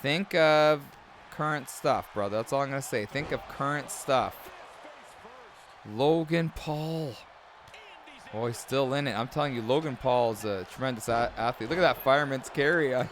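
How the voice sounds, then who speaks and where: A man hosting his own channel, giving excitable play-by-play commentary on a simulated wrestling match and often calling the viewer "brother". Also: mid-range voice, moderate pace, a little hiss or hum. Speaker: YouTube host.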